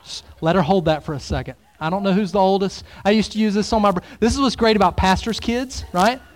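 A man preaching a sermon as pastor, swinging between loud exclamations and hushed, near-whispered lines. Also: sits high, fast talker.

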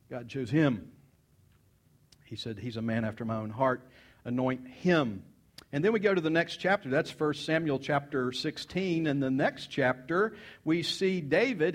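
A man preaching a sermon, retelling a story with folksy asides and acting out the characters' voices. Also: on the high side. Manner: animated, acts out characters' voices.

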